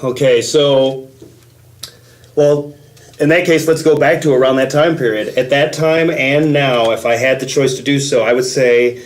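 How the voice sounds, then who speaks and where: A man speaking as a podcast guest, measured and reflective in his answers. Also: mid-range voice, fairly even intonation. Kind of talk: casual interview talk.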